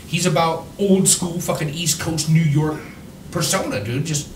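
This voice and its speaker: Profane storytelling man, high voice. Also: moderate pace. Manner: profane, laughing anecdote teller. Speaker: podcast host. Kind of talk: casual podcast chat. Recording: roomy, distant mic, faint noise.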